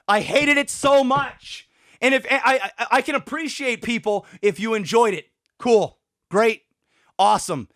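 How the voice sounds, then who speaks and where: A man hosting a podcast, giving a profane, exasperated rant about a TV episode, worked up and sweating, with shouted outbursts. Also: extremely high pitch. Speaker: podcast host. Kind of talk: ranting show reaction.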